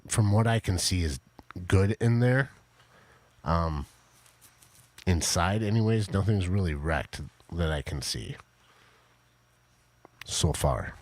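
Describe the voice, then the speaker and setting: A low-voiced man chatting casually on his live stream from home, speaking in a flat, mostly monotone way. He rambles and restarts, reading out and answering viewers, and the close, dry sound gives no sense of room. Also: dry recording. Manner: rambling, talks to chat, fillers and restarts.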